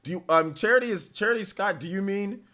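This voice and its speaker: A livestream host, young and lightly Northern Californian in accent, chats casually through viewer comments in a rambling, easygoing way full of fillers. He talks fast, with a high, bright, forceful voice.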